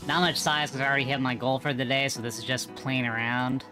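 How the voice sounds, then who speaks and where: A man's voice: medium pitch, fairly even intonation, fast, music in the background. A man streaming live, rambling offhand about his trades.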